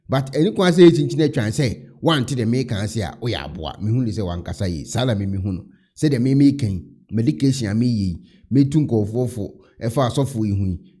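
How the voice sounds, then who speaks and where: Husky, mellow-voiced Ghanaian man. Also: medium pitch. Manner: mixes Twi and English, opinionated. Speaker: vlog host. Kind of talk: casual commentary.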